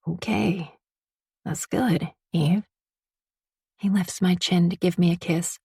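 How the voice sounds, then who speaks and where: A woman's voice: on the low side, steady tone, takes it slowly, gravelly, a little mellow, slightly rough, no room sound, studio quality, heavily acted. A woman voicing a soothing protective husband. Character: protective biker husband, calming. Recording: distant mic.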